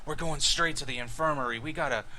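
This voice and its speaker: Anxious stammering young male sidekick, raised pitch, voiced by the game master. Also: quick pace, sharp tone, a little hiss or hum. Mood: reassuring. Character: worried young male friend, fast-talking.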